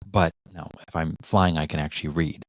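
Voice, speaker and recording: A middle-aged man with a low voice talks in loose, reflective podcast chat, restarting his sentences as he thinks. The recording is dry and close. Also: fairly even intonation, fairly quick, no room sound. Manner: reflective, many restarts and fillers. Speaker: podcast co-host. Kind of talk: casual conversational chat.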